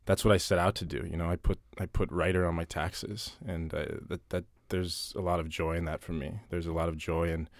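A man's voice: low voice, flat delivery, a little fast, hardly any pauses, no room sound. A man being interviewed about his writing, talking casually and thoughtfully, often restarting and repeating words. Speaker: interviewee, writer.

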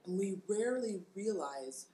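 Calm woman co-host in an echoey room. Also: medium pitch, normal speed. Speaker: podcast co-host. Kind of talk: casual podcast chat.

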